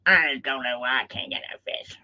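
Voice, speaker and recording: A sulky fisherman who has caught nothing all day stammers and mutters to himself in a half-whisper, as a man puts him on. The voice sits a little low and drifts away from the mic. It comes through a muffled, lo-fi livestream. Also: normal speed, sharp tone. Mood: grumbling. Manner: stammering, muttering under his breath. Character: grumbling frustrated male fisherman, empty-handed.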